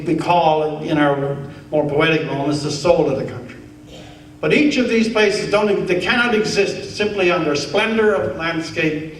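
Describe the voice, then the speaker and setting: High-voiced man in echoey hall. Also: slight background noise. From Newfoundland, Canada. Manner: animated, wry, building to earnest rhetoric. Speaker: keynote speaker. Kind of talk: humorous storytelling speech. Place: large conference hall. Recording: echoey hall, heard from far off.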